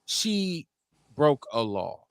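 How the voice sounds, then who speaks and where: A man with a Milwaukee accent hosting a casual radio talk show, animated and profane, often acting out quotes in mock voices. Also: fairly high pitch, drawn-out words, dry recording, clean studio sound. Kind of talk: casual call-in radio chat.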